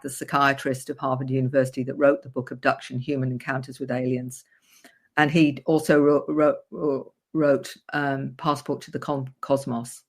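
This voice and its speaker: A woman therapist, a guest on a radio show, earnestly recounting a client's story in vivid detail. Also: a bass voice. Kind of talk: interview storytelling.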